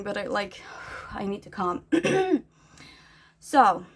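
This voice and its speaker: A woman's voice: mid-range voice, very animated, extremely slow, slightly rough. Agitated woman ranting. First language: Norwegian. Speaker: vlogger. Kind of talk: casual venting vlog.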